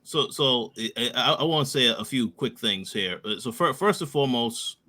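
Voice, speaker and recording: A man's voice: mid-range voice, animated, pushed and bright. A man co-hosting a podcast, laying out his criticism point by point in casual chat. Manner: deliberate, lays out points in order. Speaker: podcast co-host.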